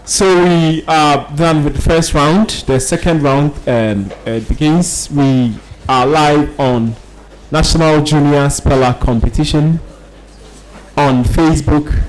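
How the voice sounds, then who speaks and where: A man hosting a spelling competition who reads out each word slowly and clearly and announces results in a calm, encouraging tone. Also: a little high, poor audio. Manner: slow, deliberate enunciation of each word. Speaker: spelling competition pronouncer and host. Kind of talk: reading out words and announcing results.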